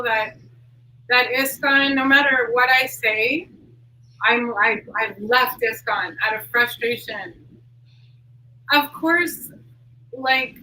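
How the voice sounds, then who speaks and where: Woman interview guest, earnest and casual, crisp bright tone, faint background hiss. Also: a little high. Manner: earnest, heavy use of "like" fillers. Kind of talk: candid conversational interview. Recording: distant mic with faint noise.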